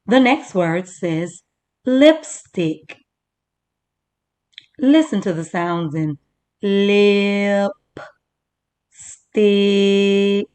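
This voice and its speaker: A woman teacher leading a first-grade reading lesson, slowly sounding out words for young children. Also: on the low side, a little mellow.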